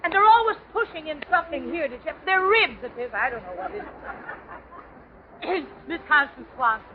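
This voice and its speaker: Super high-pitched wisecracking woman comic, old 1930s radio show, muffled, little hiss. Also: animated, crowd noise. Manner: brassy wisecracking, quick asides and laughs. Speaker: comedian guest. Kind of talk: 1930s radio comedy monologue. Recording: dull 1930s radio broadcast recording.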